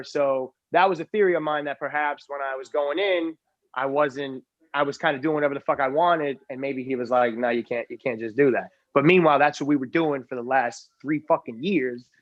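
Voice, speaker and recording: A man's voice: on the high side, dull audio. A man arguing defensively in casual podcast talk, rambling and repeating himself. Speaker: podcast guest. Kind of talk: heated casual argument.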